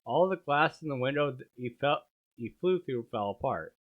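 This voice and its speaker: A man's voice: mid-range voice, lively intonation, normal speed. A man doing a comedic dramatic reading, with sardonic asides and laughter at the text. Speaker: streamer reading aloud. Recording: dull lo-fi stream audio.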